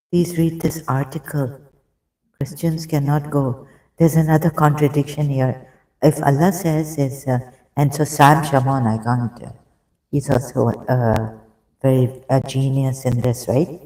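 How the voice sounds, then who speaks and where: A man's voice: mid-range voice, gravelly. A man on a live stream reading religious passages aloud and reacting, breaking off to apologize and cough, short of breath. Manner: excitable, reads passages aloud, frequent apologies and restarts. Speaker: streamer discussing religious texts. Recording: roomy echo, off-mic.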